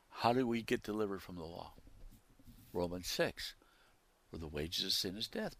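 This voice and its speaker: Preacher man with booming emphatic swings. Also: measured pace, no room sound. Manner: swings from loud emphatic declarations to quiet asides; reads scripture in King James wording with rising intensity. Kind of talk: sermon.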